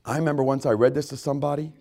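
A man preaching a sermon, swinging between loud, emphatic repetition and low, hushed asides. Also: steady tone, very fast, creaky. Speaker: pastor.

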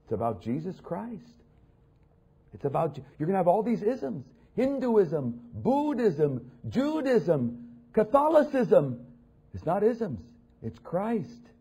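A man preaching a sermon, reading scripture and mocking other voices, building to loud peaks. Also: high voice, sing-song, unhurried, vocal fry, slightly rough.

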